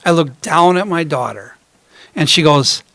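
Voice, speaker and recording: A man's voice: a little high, lively intonation, a little slow, a bit bright, no echo. A middle-aged man and ukulele performer telling rambling, self-mocking stories between songs on a coffee house stage. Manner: chatty, rambling, self-mocking, many fillers. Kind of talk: storytelling stage banter.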